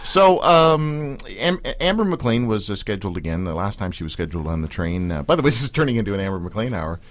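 A man's voice: lowish voice, a little fast, dry recording. A man hosting a radio show in a studio, chatting and introducing a guest in a joking, self-mocking way. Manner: lively, joking, self-mocking announcer delivery. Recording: music playing behind the voice.

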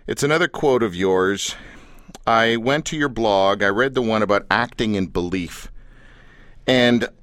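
A man's voice: medium pitch, a bit bright, no echo, clean studio sound. A male radio host chatting casually with a guest, playful and joking. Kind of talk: casual interview chat.

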